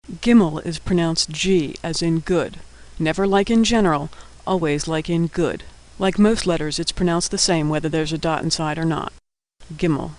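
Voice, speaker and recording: A man giving a scripted lesson, naming each letter and explaining its sound in a patient, clear way. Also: fairly high pitch, low-quality recording. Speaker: teacher. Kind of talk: scripted instructional narration.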